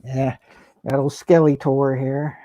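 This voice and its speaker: A man's voice: a little high, moderate pace, warm tone. A man co-hosting a casual podcast chat, talking in an easygoing, hesitant way with many fillers. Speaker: podcast co-host.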